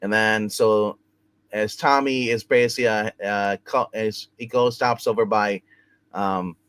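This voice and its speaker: A man's voice: lowish voice, steady tone, measured pace, fairly bright tone, clean tone. A man co-hosting a casual TV review chat, recapping episodes in a rambling way full of repeats and fillers. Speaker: co-host reviewing a TV show.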